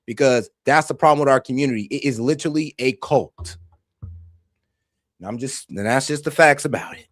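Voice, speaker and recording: A man's voice: fairly high pitch, no room sound, clean studio sound. Passionate, ranting male streamer. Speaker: streamer hosting a reaction show. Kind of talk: heated reaction commentary.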